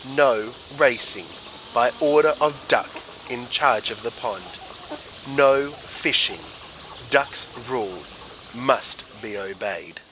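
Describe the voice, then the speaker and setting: A man reading a storybook and voicing a bossy, self-important male duck who snaps orders loudly. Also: mid-range voice, slow, noisy background, close to an everyday voice. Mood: proclaiming. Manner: snapping, loud and commanding.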